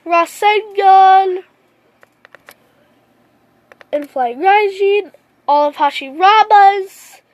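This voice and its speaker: A woman with a very high voice, improvising a fan story in a rambling way and often repeating herself. She talks slowly, and the sound is dry and close, with no room around it. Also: no room sound.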